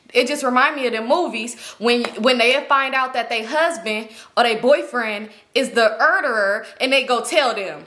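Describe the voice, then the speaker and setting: Young woman vlogger, casual storytime, profane, acts out quotes; tense bright voice. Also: a little high, brisk, hardly any pauses.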